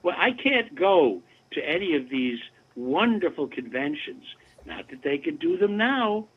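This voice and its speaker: Older male guest, chatty and lively, fairly high voice, heard over a tinny phone line. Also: a little slow, breathy edge. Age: 70s. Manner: animated, chatty anecdotes. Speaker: guest voice actor. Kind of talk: casual interview storytelling.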